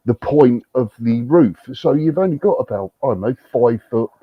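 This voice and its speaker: A man telling an animated, swearing story on a livestream chat, full of restarts. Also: mid-range voice, moderate pace, muffled recording, a crowd in the background. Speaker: livestream host. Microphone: livestream setup.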